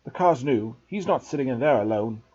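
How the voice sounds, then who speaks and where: Man reading as gruff bullying uncle, storybook, dark mellow voice, slow and menacing. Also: mid-range voice, animated, dull audio.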